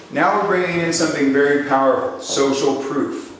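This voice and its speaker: Animated man teaching a sales seminar. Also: fairly high pitch, moderate pace, slight background noise. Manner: animated storytelling, acts out voices, asks the audience questions. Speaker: sales trainer. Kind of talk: live seminar lecture. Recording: echoey hall, mic from a distance.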